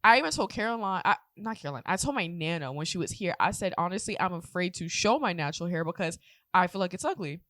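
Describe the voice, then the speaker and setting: A woman, co-hosting a casual podcast. Her voice is bright and forceful and sits on the low side, and she talks openly, swears freely and acts out stories with energy. The sound is close and dry. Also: fast, no room sound. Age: late 20s. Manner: candid, swears freely, animated retellings. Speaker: podcast co-host. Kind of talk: casual chat.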